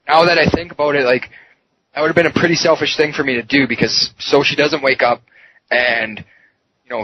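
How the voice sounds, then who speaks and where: A man's voice: medium pitch, fairly bright tone. A man, a podcast guest, telling his story in a raw, emotional way, swearing often and full of fillers. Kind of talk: candid personal interview. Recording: muffled podcast audio with faint noise.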